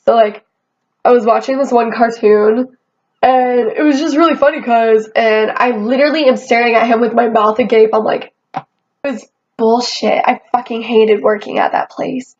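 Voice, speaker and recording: A young woman tells a casual storytime rant in a fairly high voice, animated and swearing freely. The recording is dull and lo-fi. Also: moderate pace. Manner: swearing, animated, quotes herself often. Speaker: vlogger. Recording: dull lo-fi sound.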